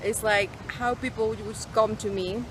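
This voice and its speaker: A woman's voice: a little high, normal speed. A young woman from Mexico, telling stories in casual chat and acting out what people said to her. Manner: animated storytelling, acts out quoted exchanges. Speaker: friend. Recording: noisy street recording with traffic.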